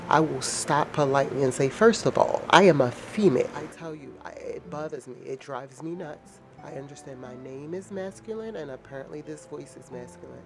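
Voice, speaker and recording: A woman with a naturally deep voice, sick and slightly nasal, chatting casually to her viewers in a frank, rambling way. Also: noisy background. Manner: frank, rambling, laughs often. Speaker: vlogger. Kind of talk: casual chat to camera.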